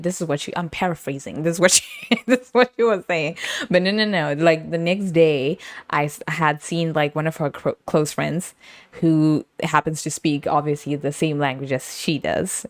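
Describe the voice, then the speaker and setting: A young woman with a low voice, telling a story in a casual, rambling way, full of slang and quick laughs. The sound is dry and close. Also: no room sound. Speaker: podcast host.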